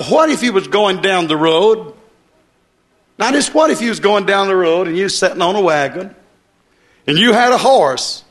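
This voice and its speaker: Guy preaching, high voice, folksy, gets worked up then goes quiet. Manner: folksy and excitable, swinging between loud bursts and soft asides. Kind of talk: sermon.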